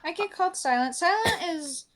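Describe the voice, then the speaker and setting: A woman's voice: very high-pitched, lively intonation, normal speed, a bit bright. A woman co-hosting a podcast in casual chat, easygoing, with lots of short agreeing replies. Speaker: podcast co-host.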